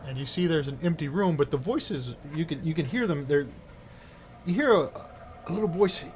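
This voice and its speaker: Spielleiter, Mann, lebhafte Stimme, leicht dumpfe Aufnahme mit Rauschen. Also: male voice, on the high side, brisk. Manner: casual, lively narration. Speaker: game master. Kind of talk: narrating a tabletop game. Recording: slightly dull, faint noise.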